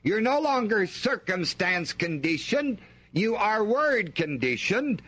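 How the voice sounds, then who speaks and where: Animated high-voiced male preacher. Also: slow pace, husky. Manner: emphatic, call-and-response questions to the congregation. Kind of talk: sermon.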